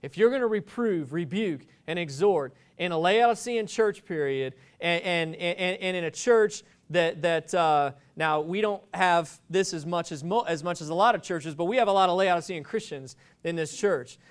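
A man's voice: high-pitched, normal speed, few pauses, smooth. A man preaching a sermon, telling stories in a rambling, joking way with many restarts.

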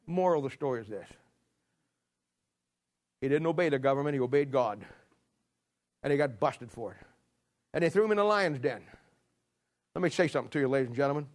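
Animated preacher man telling a story. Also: on the high side, a little fast, pauses often. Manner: animated storytelling, acting out scenes. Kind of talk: sermon.

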